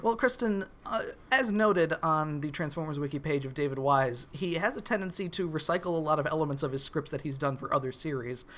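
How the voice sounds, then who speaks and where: A man's voice: on the high side, fairly quick, hardly any pauses, a bit bright. A man co-hosting a podcast, recapping a cartoon episode in casual, wry chat that often breaks into chuckles. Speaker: podcast co-host.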